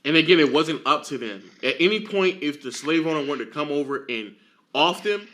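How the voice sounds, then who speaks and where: A man argues heatedly, forceful and profane, and hammers his points again and again. His voice sits high and rings bright. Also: animated, moderate pace. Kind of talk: heated argument.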